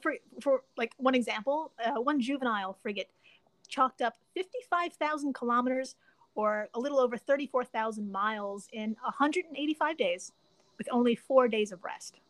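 A woman hosting a casual podcast, who laughs often, swears freely and tells facts with animated enthusiasm. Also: a little high, moderate pace, no echo. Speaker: podcast host.

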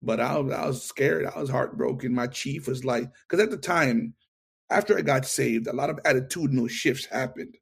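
A man's voice: mid-range voice, moderate pace, creaky, husky. A middle-aged man in an interview, telling his testimony and acting out the lines of the people in it. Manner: animated storyteller, acts out dialogue. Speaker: interview guest.

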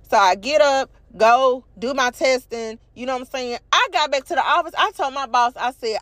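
A young woman, congested from allergies, telling a profane, animated story to her viewers and calling them y'all. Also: fairly high pitch, fast talker, hardly any pauses, dry recording. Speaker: vlog host. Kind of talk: casual storytelling rant.

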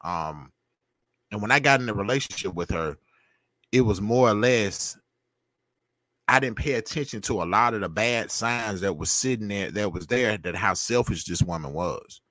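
A man's voice: lowish voice, expressive, moderate pace, fairly bright tone, no echo. A man, a podcast guest talking in an emphatic, preachy way and often repeating himself. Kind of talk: opinionated casual talk.

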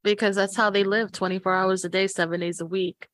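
A woman's voice: medium pitch, flat delivery, a little fast, fairly bright tone, no room sound. A woman co-hosting a podcast, chatting in a reflective, agreeing way. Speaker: podcast co-host. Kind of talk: casual chat.

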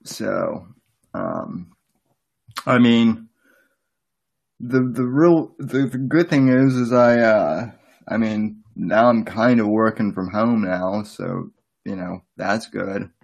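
A man hosting a podcast in casual chat, halting and full of restarts. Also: on the low side, gravelly. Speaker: podcast host.

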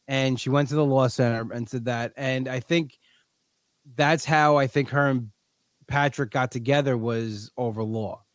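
A man hosting a podcast, chatting casually and animatedly, often acting out scenes in quick put-on voices. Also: medium pitch, steady tone, no echo. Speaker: podcast host. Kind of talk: casual chat.

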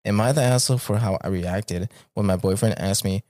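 Laid-back man with a low voice, reading aloud. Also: fairly quick, mellow, dry recording, clean studio sound. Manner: laid-back, swears casually, laughs while reading. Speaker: podcast host reading stories. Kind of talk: casual podcast reading.

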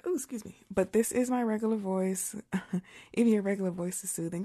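A slightly hoarse young woman, an ASMR creator, chatting casually on a livestream in her regular voice, reading viewer comments aloud and laughing often. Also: medium pitch, fairly even intonation, fairly quick, darkish tone. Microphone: studio mic with pop filter.

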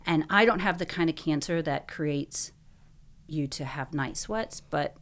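A young woman, a guest in an interview, telling her own story earnestly, full of "like"s and quick bursts. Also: deep voice, a bit bright.

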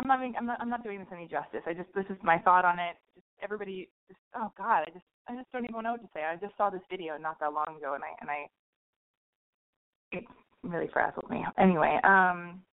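Profane Valley girl podcast host. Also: lowish voice. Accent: Californian. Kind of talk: casual monologue. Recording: phone-like thin sound.

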